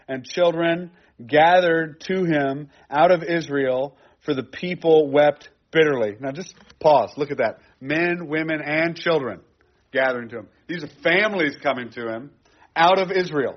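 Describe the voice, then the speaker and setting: Earnest man preaching, slightly higher voice. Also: highs cut off. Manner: conversational, repeats phrases for emphasis. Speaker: pastor. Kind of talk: expository sermon.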